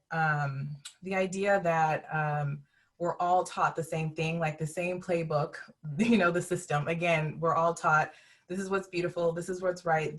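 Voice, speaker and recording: A woman on a discussion panel, speaking in a heartfelt, reflective way and often asking "you know what I mean?". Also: on the low side.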